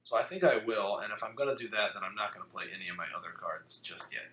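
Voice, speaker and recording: A man's voice: lowish voice, expressive, pushed and bright. A man hosting a casual tabletop card game podcast, reading rules aloud and cracking jokes. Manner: jokey, reads rules aloud briskly. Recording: echoey room with faint background hiss.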